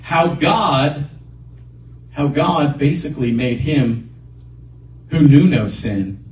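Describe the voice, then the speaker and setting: A pastor preaches with earnest emphasis, driving his points home by repeating them. His voice sits a little high for a man. He is heard from some distance in an echoey room. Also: slow pace, a little mellow. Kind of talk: sermon.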